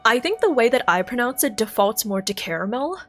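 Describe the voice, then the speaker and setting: An American woman chats on a live stream with a lively, bouncing pitch, rambling and correcting herself as she goes. Faint music plays quietly behind her. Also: brisk. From United States. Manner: chatty and rambling, thinks aloud, self-correcting. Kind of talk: casual chat with live stream chat.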